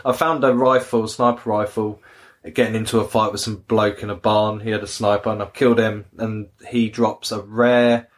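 Man, casual gaming chat, animated storyteller who acts out voices. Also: on the low side, moderate pace. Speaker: podcast co-host.

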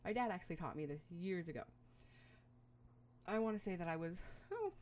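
Low-voiced chatty middle-aged woman. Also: big pitch swings, brisk, darkish tone, a little hiss or hum. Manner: rambling, chatty, with frequent fillers and little laughs. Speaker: parenting advice host. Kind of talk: casual advice monologue.

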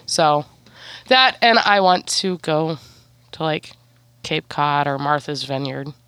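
Blunt animated girl in her 20s cohosting a podcast, bright edgy voice, dry close mic. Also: low voice, slow pace, clean tone, no echo. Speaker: podcast co-host. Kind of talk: casual chat.

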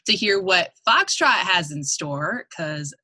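A woman who is a radio music director, chatting in a casual podcast conversation, upbeat and quick to laugh. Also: on the low side, expressive, sharp tone, breathy edge, dry recording.

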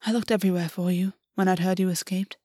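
A woman's voice: lowish voice, steady tone, fast talker, warm tone, breathy edge, no room sound, studio quality. A woman voicing a commanding, possessive male fae lord who speaks in a stern, insistent way. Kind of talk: audiobook reading.

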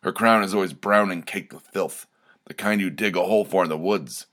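A man voicing a gruff little male forest troll. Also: sits low, a little fast, fairly bright tone.

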